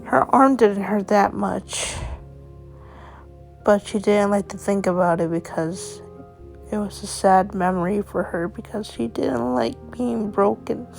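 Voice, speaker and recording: A woman's voice: mid-range voice, unhurried, creaky, darkish tone, soft background music. A woman casually narrating an improvised story in a rambling, home-made way.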